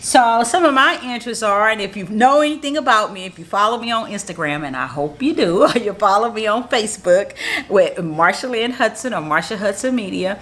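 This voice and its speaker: Upbeat, bright-voiced woman teaching marketing. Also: medium pitch, expressive, brisk. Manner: upbeat, positive, motivational; repeats points in plain, encouraging teaching talk. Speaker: marketing strategist. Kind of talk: casual how-to tutorial to camera.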